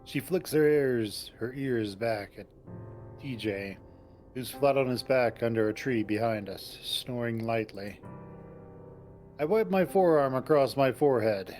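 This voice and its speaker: Calm dry-joking man. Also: medium pitch, a little slow, soft background music. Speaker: co-host reading a visual novel. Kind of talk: casual chat and narration reading. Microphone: online voice call.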